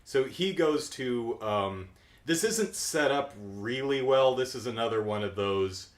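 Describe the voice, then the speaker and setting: A middle-aged man with a deep voice, hosting a casual, keyed-up reaction commentary on a cartoon. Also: measured pace, reverberant. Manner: animated, keyed-up, jumps into silly voices. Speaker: podcast host.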